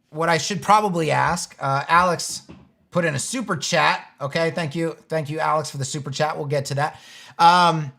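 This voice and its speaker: High, gravelly man hosting a live stream. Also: a bit bright. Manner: rambling, exasperated, restarts and wry jabs. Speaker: host of live web design show. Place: home studio, seated in a chair.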